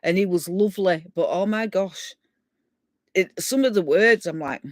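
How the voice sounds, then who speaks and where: Hosting a live stream, a middle-aged Yorkshire woman from England chats casually with viewers, rambling and laughing as she reads their comments aloud. Her voice is mid-range at a normal speed, with no echo.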